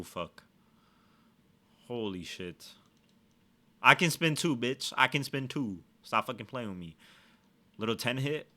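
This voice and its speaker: A man giving casual let's-play commentary, swearing a lot and trash-talking with excitable energy. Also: mid-range voice. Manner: profane, excitable trash talk. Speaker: gaming streamer.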